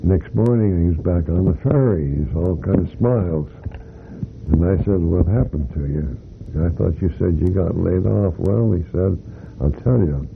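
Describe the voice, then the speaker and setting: An older man recounts his working years in a slow, rambling way, circling back with restarts and fillers. His voice sits very low with a gravelly rasp. The recording is tinny and phone-like, with a faint hiss underneath. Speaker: retired company employee interviewee. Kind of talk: oral history storytelling.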